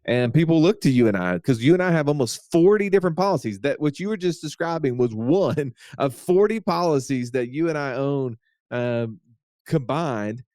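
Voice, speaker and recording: A man's voice: fairly high pitch, lively intonation, moderate pace, darkish tone, no echo, clean studio sound. A man hosting a podcast, introducing the episode in an upbeat, teasing, easygoing way. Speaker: podcast host. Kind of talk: casual podcast chat.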